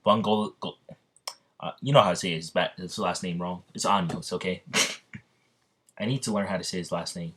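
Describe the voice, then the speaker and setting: A man retells a fan story in a loose, off-the-cuff way, rambling and stopping to correct himself. His voice is low and deep, and the telling stays unscripted. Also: fairly even intonation, moderate pace, long pauses, fairly bright tone, husky.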